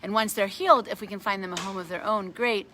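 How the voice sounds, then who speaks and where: Woman, middle-aged, bright tone, casual storytelling, animated, faint outdoor background. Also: medium pitch, fast talker, a little hiss or hum. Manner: animated, grows excited while retelling a story. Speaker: animal sanctuary founder. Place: outdoors at a farm sanctuary.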